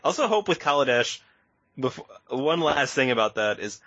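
A man's voice: medium pitch, very animated, normal speed, bright, forceful tone. A man co-hosting a podcast in casual chat, talkative, laughing often and trailing off mid-thought. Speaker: podcast co-host. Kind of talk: casual chat about card games. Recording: slightly dull lo-fi audio.

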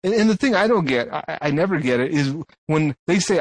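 A man's voice: on the high side, sing-song, fairly quick, few pauses, no room sound. A man co-hosting a podcast in casual chat, ranting sarcastically and swearing a lot. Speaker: podcast co-host.

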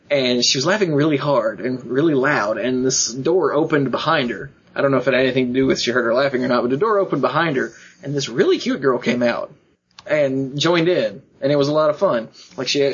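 A man's voice: mid-range voice, husky, lo-fi sound. A man telling a funny personal story in casual podcast chat, acting out the other people's lines and laughing often. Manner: animated, acts out quoted voices, laughs often. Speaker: podcast co-host.

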